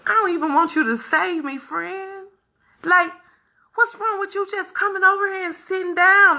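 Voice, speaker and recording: A woman's voice: very high voice, normal speed, bright, forceful tone. A woman vlogger in a candid, casual monologue to her viewers, speaking emphatically and repeating phrases for weight.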